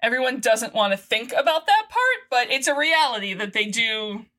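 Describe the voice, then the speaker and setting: A woman casually recapping a TV episode on a podcast, animated and quick to laugh, quoting the characters playfully. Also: on the high side. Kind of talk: casual chat.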